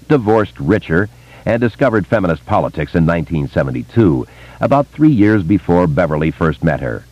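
A man narrating a novel in a steady, measured reading voice. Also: low voice, dry recording. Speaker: audiobook narrator. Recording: dull, dry lo-fi recording.

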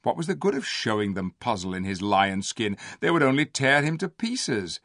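A man reading a children's story aloud as narrator, in an expressive storybook delivery. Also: mid-range voice, normal speed, no echo, studio quality. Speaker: audiobook narrator. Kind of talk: scripted narration.

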